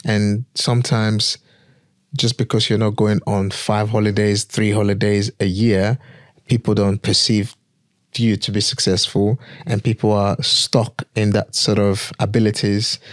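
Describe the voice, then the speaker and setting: A man hosting a podcast interview, speaking in a measured, earnest way. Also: fairly low pitch, level tone, no room sound, studio quality.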